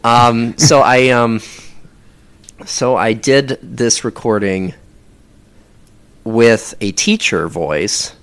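A man talking casually in an interview about his audio recordings, rambling with many pauses and restarts. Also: mid-range voice, a bit bright, clear, resonant tone.

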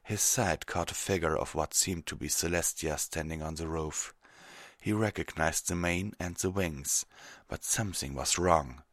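A man narrating a fantasy story in a steady, measured audiobook reading. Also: rumbling low, no echo, clean studio sound.

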